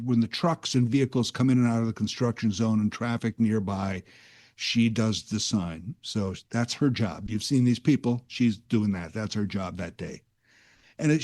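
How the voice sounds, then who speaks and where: A guest host on talk radio, this man wanders through a loose monologue, openly acknowledging when he goes off on tangents like a self-aware storyteller. His mid-range voice is dark and mellow, picked up close on a studio microphone.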